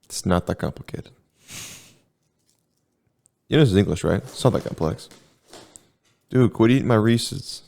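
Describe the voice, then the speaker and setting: Deep-voiced young guy rambling on a podcast, deadpan asides. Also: normal speed, vocal fry, long pauses. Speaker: podcast co-host. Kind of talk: casual chat.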